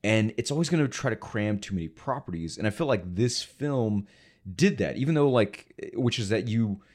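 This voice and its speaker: Man, very low voice, casual film chat, halting, lots of fillers, swears bluntly. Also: lively intonation, darkish tone. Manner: hesitant, many fillers and restarts; profane, blunt.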